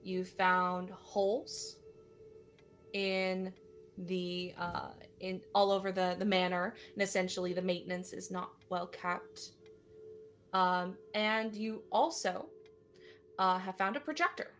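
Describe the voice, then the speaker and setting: Slow-paced, bright-voiced woman game master. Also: on the low side, steady tone, faint music behind. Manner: unhurried, filler-heavy narration. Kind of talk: narrating a tabletop game.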